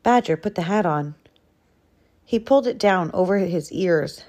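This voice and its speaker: A woman reading a children's picture book aloud in an expressive storytelling manner. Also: fairly low pitch, unhurried. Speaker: storybook reader.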